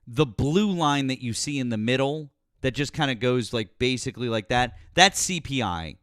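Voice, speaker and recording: A man's voice: medium pitch, expressive, normal speed, a bit bright, clear, resonant tone, dry recording, studio quality. A man hosting a political live stream, making sarcastic, profane asides. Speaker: host.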